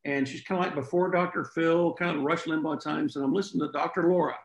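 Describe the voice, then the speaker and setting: A podcast guest, a man, tells his story slowly and folksily, clearing his throat now and then. His voice sits a little high and gravelly, and the room around him rings with echo. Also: steady tone. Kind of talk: storytelling interview chat.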